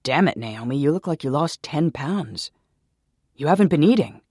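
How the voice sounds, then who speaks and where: A man's voice: fairly high pitch, lively intonation, moderate pace, a little mellow, slightly rough, no room sound, studio quality. A man voicing a caring young man who speaks sternly and then pleads with a friend.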